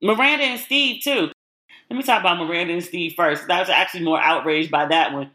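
A woman's voice: lowish voice, a little fast, pushed and bright. A woman hosting a podcast in a casual solo chat, frank and opinionated as she talks. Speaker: podcast host.

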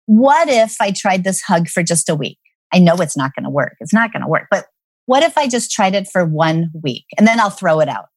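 A middle-aged woman, a parenting expert, telling candid, animated stories in a podcast chat. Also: lowish voice, fairly quick, dry recording.

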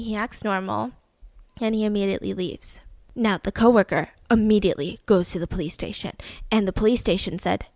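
A young woman casually telling a true crime story as a podcast host, animated and acting out the people in it. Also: mid-range voice, fairly quick, no room sound. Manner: animated, acts out quoted people with voices.

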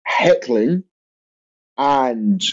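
A man's voice: mid-range voice, drawn-out words. A young male comedian spins a rambling tale in loose podcast chat. He stumbles over restarts and fillers as he goes. The sound is a bit dull and lo-fi. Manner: rambling, animated storytelling with lots of fillers and restarts. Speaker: comedian guest. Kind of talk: casual anecdote on a podcast. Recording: dull lo-fi audio.

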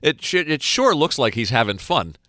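A man's voice: mid-range voice, very animated, moderate pace, bright, forceful tone, dry recording, studio quality. A man hosting a podcast, asking casual interview questions with chatty film-buff asides. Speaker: podcast host.

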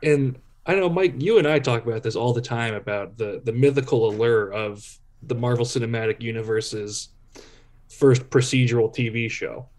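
A man's voice: medium pitch, normal speed. Laughing man on a chat panel. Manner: laughing, animated, stammering restarts.

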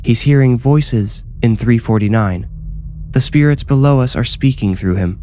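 A man voicing an adult woman ghost investigator in a horror story, talking excitedly and calling out to others. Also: medium pitch, normal speed, slight background noise, voice pushed up, natural voice. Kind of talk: audiobook horror reading.

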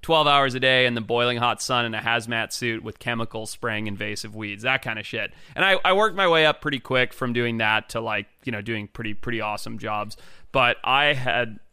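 A man's voice: mid-range voice, brisk, bright, forceful tone, clear, resonant tone, no echo, clean studio sound. A man from Africa, a wildlife biologist, telling stories as a podcast guest in a laid-back way, swearing and acting out quotes. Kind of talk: casual storytelling chat.

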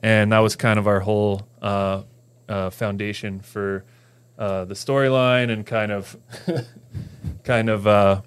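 Low, smooth-voiced man chatting loosely. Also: fairly even intonation, unhurried, no echo. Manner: loose and rambling with many fillers. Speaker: snowboard filmmaker guest. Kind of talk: casual podcast chat.

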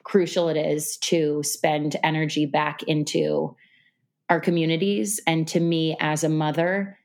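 A woman guest on a podcast, talking in a relaxed, reflective way, with lots of fillers. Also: low-pitched, unhurried. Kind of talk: casual interview conversation. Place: New York City.

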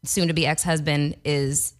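Woman, co-host, lowish voice, blunt, profane, casual. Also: little pitch movement, unhurried. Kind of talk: casual chat.

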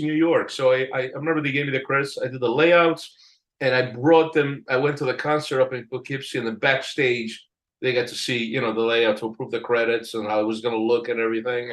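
An older man telling a story in a casual interview, animated, acting out the people he quotes and laughing often. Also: medium pitch, low-quality recording. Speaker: album cover artist telling a story.

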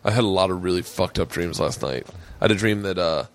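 A man's voice: low-pitched, fast. A man hosting a podcast from his man cave, swapping loose, profane stories in casual chat. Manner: rambling storyteller, profane, jokey. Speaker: podcast host.

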